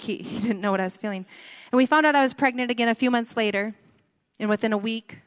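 Woman, earnest sermon testimony, mid pitch, long hall reverb. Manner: emotional and earnest, dropping soft on key words. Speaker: speaker giving a testimony. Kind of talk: sermon-style personal testimony.

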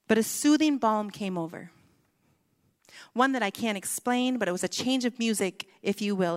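A woman preaches her own story with earnest emotion, her voice falling quiet on the heaviest words. Her mid-pitched voice carries through a large hall with a long reverb tail. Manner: emotional and earnest, dropping soft on key words. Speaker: speaker giving a testimony. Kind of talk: sermon-style personal testimony.

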